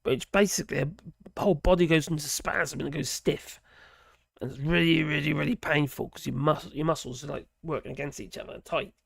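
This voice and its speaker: Male streamer, hoarse and gravelly, casual rambling host who chuckles and trails off. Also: a little high, a little fast, dry recording, clean studio sound. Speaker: livestream host reading viewer chat. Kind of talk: casual live-stream chat.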